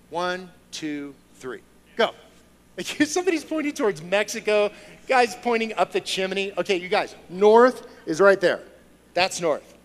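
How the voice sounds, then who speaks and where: A man giving a sermon through personal stories, moving from hushed storytelling to loud, excited preaching before a congregation. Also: sits high, rough recording. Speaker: lay speaker. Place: church sanctuary with a congregation.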